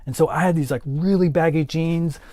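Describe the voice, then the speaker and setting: A man's voice: on the high side, steady tone, fairly quick, dark tone, dry recording, clean studio sound. A man chatting casually as a livestream host, rambling with lots of "like" fillers and answering his chat.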